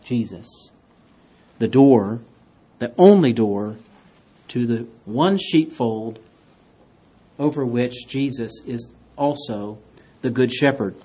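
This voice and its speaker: A man preaching a sermon, reading scripture aloud and swinging between loud, emphatic declarations and quiet, hushed asides. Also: medium pitch. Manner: reads scripture in King James wording.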